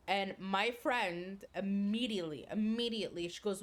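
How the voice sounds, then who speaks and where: Streamer type: woman, mid-pitched, chatty and profane, breaks into laughter mid-story. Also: normal speed, few pauses. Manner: animated, swears freely, laughs while telling. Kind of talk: casual storytelling during a livestream.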